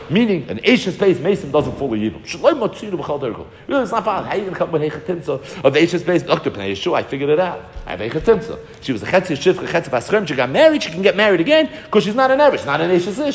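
A man teaching a Talmud class in a lively lecture style, acting out the voices of commentators and repeating words as he builds each argument. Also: a little high. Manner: animated, acts out the voices of commentators. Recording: long reverb in a hall.

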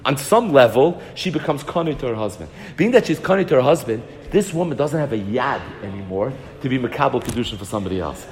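A man teaching a Talmud lesson in an animated way, arguing both sides of a debate and often repeating words as he thinks. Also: mid-range voice, fast talker, few pauses, big-room sound. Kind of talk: Talmud lecture.

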